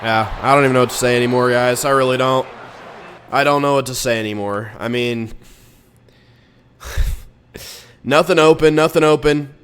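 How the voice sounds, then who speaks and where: A young man commentating his own football video game, exasperated and ranting, with sudden loud outbursts. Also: mid-range voice, moderate pace, long pauses, clean tone. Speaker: gaming YouTuber. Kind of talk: live gameplay commentary.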